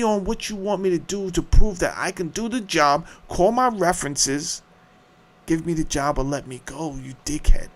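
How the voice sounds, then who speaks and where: A man's voice: fairly high pitch, moderate pace, a bit bright. A middle-aged man hosting a show, ranting in a heated, profane monologue. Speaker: show host.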